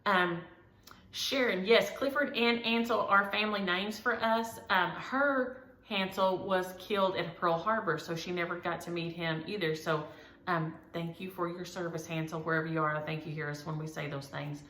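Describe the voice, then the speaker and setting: A woman's voice: lowish voice, steady tone, moderate pace, fairly bright tone, reverberant, slight background noise. A woman, chatting to her viewers as a cross-stitch vlogger and rambling through homespun stories. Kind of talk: casual chat to viewers.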